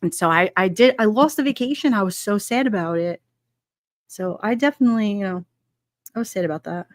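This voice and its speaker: A woman's voice: mid-range voice, fairly quick, dry recording, studio quality. A middle-aged woman hosting a livestream, chatting casually and rambling with frequent laughs while she reads out chat comments. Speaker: livestream host reading chat.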